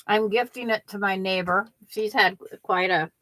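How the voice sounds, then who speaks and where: A woman's voice: medium pitch, steady tone, normal speed, a bit bright, no echo. An older woman hosting a quilting livestream, chatting casually and rambling with viewers, often restarting her sentences.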